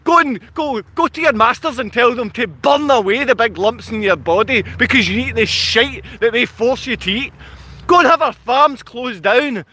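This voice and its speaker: A man ranting angrily at his viewers in a livestream, insulting and yelling at them. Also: extremely high pitch, normal speed. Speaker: vlogger. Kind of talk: angry livestream rant. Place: outdoors in his town.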